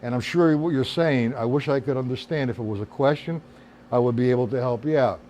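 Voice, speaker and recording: A man speaking briskly at medium pitch runs a live-streamed drum lesson, counting beats aloud and explaining accents. A drum kit plays loudly behind his voice.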